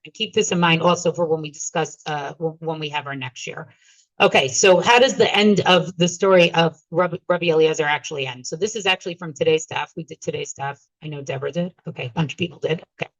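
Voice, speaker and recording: A woman's voice: on the low side, fairly quick, no echo. Woman, Talmud teacher, reads and translates line by line, checks in with listeners, muffled lo-fi recording. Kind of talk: Talmud class lecture.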